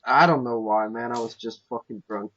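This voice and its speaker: A man with a mid-range voice who talks bluntly and with a lot of swearing, occasionally halting as he searches for words. The recording sounds somewhat dull and muffled. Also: medium pitch, steady tone, background noise. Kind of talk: casual chat.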